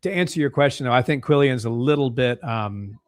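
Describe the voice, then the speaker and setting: An excitable young man commentates a fight live on a home stream, breaking into eager exclamations at big strikes. His voice sits at a middle pitch and comes through dry and close on a desk mic. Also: a little fast, dry recording. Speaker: co-host of a fight watch-along stream.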